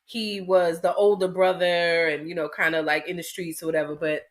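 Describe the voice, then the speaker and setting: A woman co-hosting a podcast, speaking in casual chat with halting, hesitant phrasing. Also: lowish voice, level tone. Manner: hesitant, halting, many restarts. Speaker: podcast co-host.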